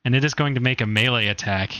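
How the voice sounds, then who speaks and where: A man narrating a tabletop game as game master, animated and laughing often. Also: medium pitch, fast, dry recording.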